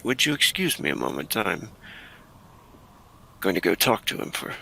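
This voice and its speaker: A man's voice: fairly low pitch, very animated, normal speed, creaky, pushed and bright, heavily acted, rough recording. A man voicing a polite, hesitant male doctor in a tabletop game.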